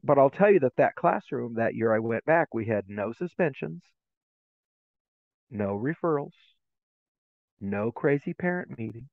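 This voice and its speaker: A man's voice: mid-range voice, a little slow, gravelly, long pauses, no room sound. A middle-aged man, a guest educator, telling stories in a podcast interview and acting out the voices in them. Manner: animated, acts out voices in his stories. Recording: tinny, phone-like remote line.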